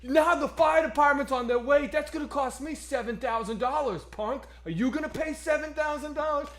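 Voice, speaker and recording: A man voicing a furious tough-guy restaurant manager from Brooklyn, shouting and indignant. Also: very high voice, a little fast, voice pushed up. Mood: outraged.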